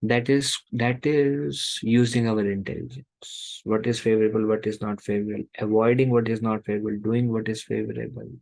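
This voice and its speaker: Male scripture teacher, rhetorical, mimics inner voices; gravelly tone, dry recording. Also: fairly low pitch, flat delivery, moderate pace, hardly any pauses, darkish tone, no room sound, rough recording. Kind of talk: scripture class lecture.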